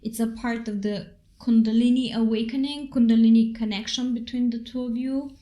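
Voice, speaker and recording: A woman's voice: a little high, fairly even intonation, normal speed, warm tone. A woman co-hosting a casual spiritual talk, speaking unhurriedly with many fillers. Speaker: co-host.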